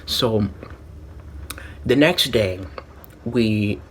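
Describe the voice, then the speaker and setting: A man in his own vlog tells a long, rambling story, looping back on himself with many "like" fillers and restarts. His voice sits on the low side, and faint noise hums behind him. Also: very slow, fairly bright tone. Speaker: vlogger.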